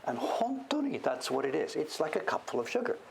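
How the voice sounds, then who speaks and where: A man's voice: mid-range voice, expressive, quick pace, vocal fry, noisy background. An older man from Canada chatting casually on a livestream, rambling as he works on a carving. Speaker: woodblock printmaker streaming live.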